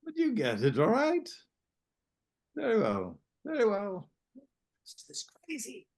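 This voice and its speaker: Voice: medium pitch, wildly swooping pitch, slow pace, creaky, darkish tone, full character voice. An actor doing an exasperated, fumbling older host. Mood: evasive. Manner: hesitant, stumbling, awkwardly consoling. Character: exasperated, good-natured older male host. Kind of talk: amateur play reading.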